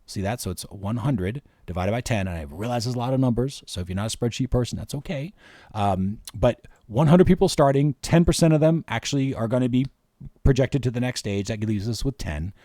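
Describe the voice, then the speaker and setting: In a screen-share workshop, a man with a mellow, medium-pitched voice hosts a marketing session, casually walking through spreadsheet figures step by step. The studio-quality recording has no room sound.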